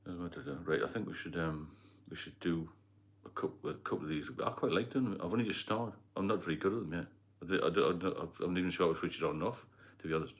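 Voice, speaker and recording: Rambling through viewer comments on a casual livestream, this middle-aged host speaks with a deep voice at a quick pace, barely pausing. He's from Northeast England, and his accent blends Geordie with London.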